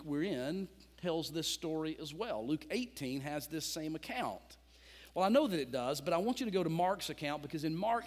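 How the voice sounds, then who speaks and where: A male pastor preaching a sermon, telling a story dramatically and swinging between loud and hushed. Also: on the high side. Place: church sanctuary. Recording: long church reverb.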